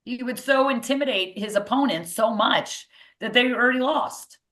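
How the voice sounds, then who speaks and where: A woman's voice: on the high side, moderate pace, a bit bright. A woman, a mindset coach and boxing gym owner, speaking emphatically as a podcast guest and repeating phrases for stress.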